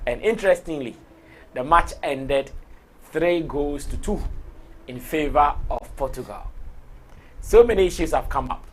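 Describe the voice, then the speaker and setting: A man with a Ghanaian accent hosting a live entertainment talk show, his voice hoarse, talking in an excitable, expressive way and laughing often. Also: fairly high pitch. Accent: Ghanaian English. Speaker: show host.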